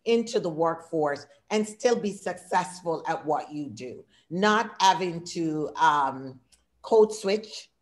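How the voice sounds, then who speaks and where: A woman in her sixties with an accent, talking through a workshop presentation on a video call in short, listed phrases. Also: lowish voice. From immigrant. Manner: warm, talkative, speaks in short lists; audible non-native English accent. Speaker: diversity consultant and workshop speaker.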